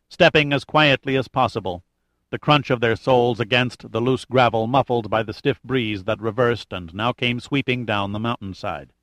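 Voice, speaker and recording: A man reading an adventure novel aloud in steady, even scripted narration. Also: mid-range voice, no room sound. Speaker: audiobook narrator.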